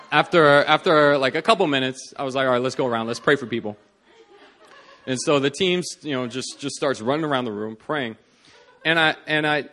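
A man in the middle of a sermon, recounting a story in an animated way. His voice sits at an ordinary middle pitch, but it swings between soft, hushed lines and loud, laughing bursts. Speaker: preacher.

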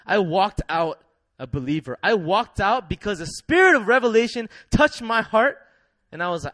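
A young man preaching a sermon in a lively, laughing way, leading the congregation in call-and-response. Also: high-pitched, moderate pace, dry recording.

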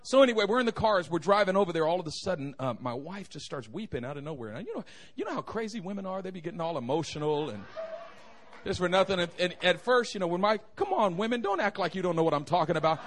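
Lively high-voiced man preaching with jokes. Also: fast talker. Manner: animated, joking with the congregation. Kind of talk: humorous sermon storytelling. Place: church sanctuary.

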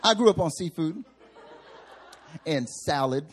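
A man's voice: fairly high pitch, expressive, measured pace, slight background noise. A male pastor giving a sermon in a church sanctuary, telling humorous, self-mocking stories.

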